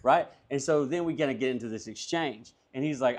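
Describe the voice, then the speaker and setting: A young man from Alabama tells a wild story in a casual patio chat, swearing freely and playing out every part of the argument himself. His voice sits in a middling pitch, loose and animated. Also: quick pace, hardly any pauses. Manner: animated, profane storytelling, acting out both sides of arguments. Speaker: guest comedian. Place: outdoor patio.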